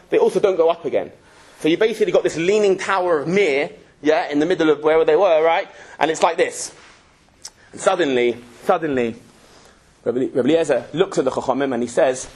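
A man teaching a Talmud class in a synagogue, telling the story in a joking, lively way. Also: a little high, breathy edge. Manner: jokey, lively storytelling with Yiddish-Hebrew terms. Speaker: Torah teacher.

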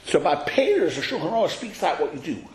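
Guy teaching a class, animated, keeps asking students stuff, roomy echo. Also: on the high side, fast. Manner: animated, questioning, calls on students by name. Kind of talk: explaining a text to students. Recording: echoey room.

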